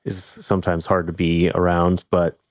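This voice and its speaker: Deep-voiced man, reflective podcast host. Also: flat delivery, moderate pace, dry recording. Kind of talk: casual conversation.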